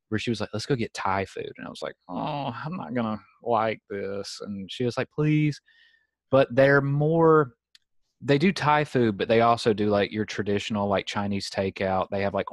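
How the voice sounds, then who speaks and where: A man's voice: lowish voice, no echo. A young man with a Southern accent, hosting a casual podcast chat and telling stories full of "like". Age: young adult. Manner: chatty storyteller, many "like" fillers. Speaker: podcast host. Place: home in San Diego.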